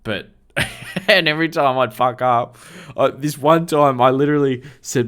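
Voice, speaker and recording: A man's voice: mid-range voice, moderate pace, few pauses, fairly bright tone, clear, resonant tone. A man tells crude stories from his working days on a casual podcast. He rambles, piles on slang and swears freely, in an ordinary mid-range voice. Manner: profane, rambling, heavy slang. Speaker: podcast co-host. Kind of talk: casual storytelling.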